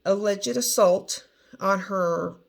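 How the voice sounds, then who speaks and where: Woman rambling thru a trial recap, lots of ums, a bit gravelly. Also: medium pitch, takes it slowly. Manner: chatty, rambling, many fillers and restarts. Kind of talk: casual chat.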